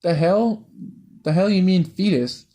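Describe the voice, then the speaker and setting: A man's voice: high-pitched, measured pace, warm tone, voice pushed up. A man voicing a brash, taunting young woman fighter. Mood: defiant. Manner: crude, taunting. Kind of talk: amateur story reading.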